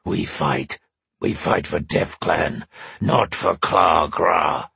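Hulking male barbarian, gravel-rough, slow halting speech, dry close sound, storybook villain. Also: deep voice, sharp tone, no room sound, pitched below the performer's own voice, full character voice. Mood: fierce.

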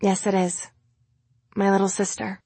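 A man voicing a gentle, protective young woman who reassures a child in a soft, even voice in an audiobook. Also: high voice, measured pace, creaky, breathy edge, dry recording, pitched above the performer's own voice, full character voice. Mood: soft reassurance. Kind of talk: audiobook character voice.

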